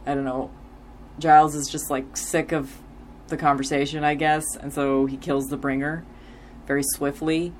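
A woman's voice: deep voice, little pitch movement, moderate pace, a little hiss or hum. A woman in her forties casually recapping a TV episode as a podcast host, rambling with lots of filler words and easy laughs.

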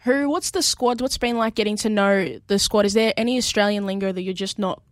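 A woman's voice: medium pitch, fairly even intonation, brisk, dry recording, clean studio sound. A woman co-hosting a sports radio show, bubbly and talkative, often tripping over her words. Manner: bubbly, stumbles and repeats words. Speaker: radio co-host. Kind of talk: casual radio chat.

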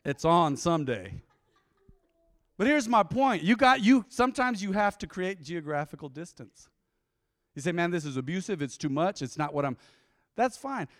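Animated pastor preaching. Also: male voice, high-pitched, dry recording, studio quality. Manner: lively storytelling, acting out dialogue. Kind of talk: sermon.

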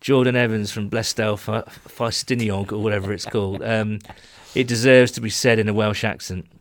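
A man's voice: fairly low pitch, steady tone, normal speed. A man co-hosting a casual sports chat podcast, rambling and laughing easily as he tells stories. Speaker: podcast co-host. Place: small home room.

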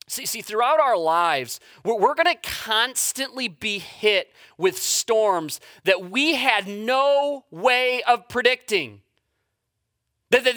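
A male pastor preaching a sermon who stammers and repeats words, swinging from hushed to intense. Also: sits high, clean tone, dry recording, studio quality.

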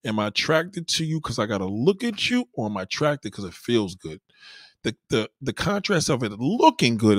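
A man hosting a podcast, telling crude stories in an animated, profane monologue. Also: mid-range voice, moderate pace, no room sound, clean studio sound. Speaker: podcast host. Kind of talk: casual comedic monologue.

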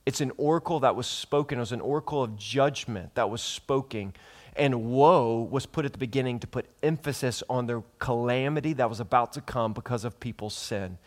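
A man's voice: medium pitch, fairly quick. Emphatic man preaching a sermon. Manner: emphatic, repeats words for stress, asks the listeners questions. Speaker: pastor.

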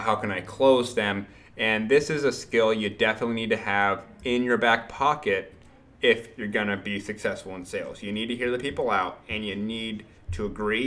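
Low-voiced man hyping up sales tips. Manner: energetic, punchy, repeats phrases, swears casually. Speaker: sales podcast host. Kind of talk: solo motivational sales podcast.

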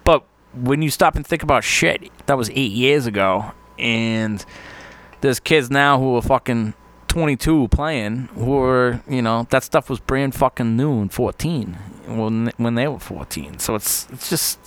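A man's voice: medium pitch, measured pace, a bit bright. Foul-mouthed rambling podcast host man. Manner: rambling, swears constantly, laughs often. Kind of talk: casual podcast monologue.

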